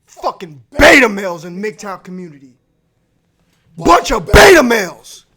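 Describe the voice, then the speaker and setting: A man hosting a live stream, shouting an aggressive, profane rant from his man cave and going hoarse. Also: sits high, big pitch swings, measured pace.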